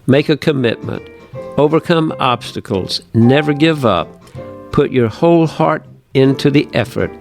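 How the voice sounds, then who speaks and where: A man reading a story from his own book aloud in an earnest, measured way. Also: medium pitch, soft background music. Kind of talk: reading narration.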